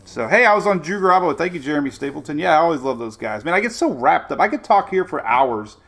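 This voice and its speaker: Casting: middle-aged male livestream host, gravelly, energetic, chatty. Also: fairly high pitch, quick pace. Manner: energetic, rambling, greets viewers by name. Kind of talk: casual livestream chat.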